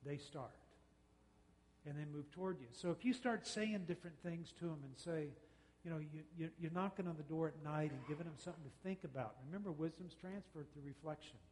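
A man giving a talk on parenting, folksy and conversational, acting out quick exchanges with kids. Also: on the high side, darkish tone, big-room sound, slight background noise. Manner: folksy, uses quoted dialogue and quick mock exchanges. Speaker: speaker on parenting, radio host and counselor.

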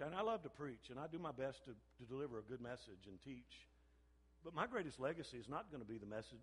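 An older man, a pastor, preaching a sermon with animated storytelling and repeated phrases. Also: medium pitch, breathy edge. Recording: long hall reverb.

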